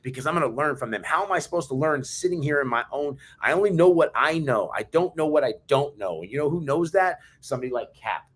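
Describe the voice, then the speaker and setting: A man's voice: a little high, animated, fast, hardly any pauses, a bit bright, breathy edge. A man co-hosting a podcast, telling stories in a fired-up, emphatic way. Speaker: podcast co-host. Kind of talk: casual chat.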